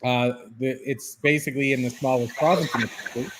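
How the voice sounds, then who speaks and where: A man's voice: medium pitch, fairly even intonation, brisk, a bit bright. Man from Canada, author guest, casual and self-mocking, rambles a little. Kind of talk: podcast interview. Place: office by a waterfront.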